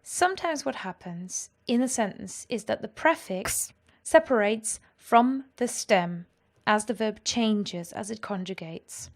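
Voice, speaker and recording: A woman explaining grammar in a clear, patient lesson. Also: medium pitch, lively intonation, measured pace, few pauses. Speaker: language teacher.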